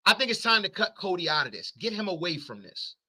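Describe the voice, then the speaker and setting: Bright-voiced man reviewing wrestling. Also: high voice, fast, breathy edge. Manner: animated, repeats words, food comparisons. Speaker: wrestling podcast co-host. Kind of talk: casual barbershop-style chat.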